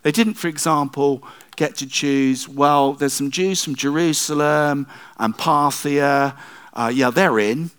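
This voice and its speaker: A man's voice: a little high, takes it slowly, clean tone. A middle-aged male pastor preaching a sermon in a conversational way, with self-deprecating asides.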